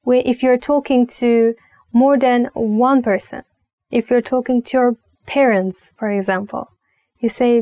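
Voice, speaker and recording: Slow-paced woman teaching language phrases. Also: on the high side, dark tone, dry recording. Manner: slow, careful phrase-by-phrase teaching with light laughs. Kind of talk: online language lesson.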